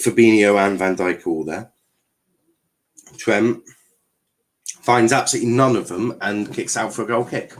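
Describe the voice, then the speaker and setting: Deep-voiced man doing casual match commentary. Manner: casual, joking and sweary, with frequent fillers. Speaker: host. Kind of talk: live football watchalong commentary.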